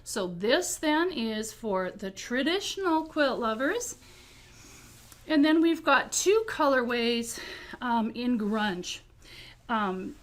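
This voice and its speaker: Speaking casually about items in a quilt shop, this middle-aged woman sounds eager and talkative, her slightly high voice a bit bright. She stumbles over ums and leans on words like "beautiful" again and again.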